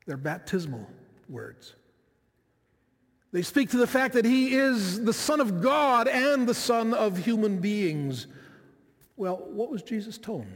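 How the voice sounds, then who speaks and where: A man's voice: high voice, in a large hall. A man preaching a sermon in a reflective, conversational way, often turning to his listeners with asides.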